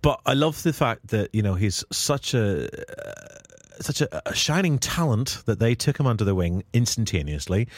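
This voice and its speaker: A man's voice: lowish voice, moderate pace, no room sound, clean studio sound. A Northern Irish man hosting a casual, jokey film discussion podcast. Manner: jokey, animated, lots of fillers. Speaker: podcast host.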